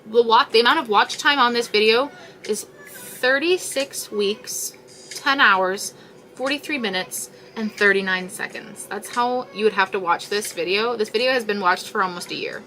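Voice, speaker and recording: A woman's voice: mid-range voice, normal speed, bright, forceful tone, slight background noise. A young woman chatting casually while she crochets, rambling and exasperated as she talks to her viewers. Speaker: crochet livestream host.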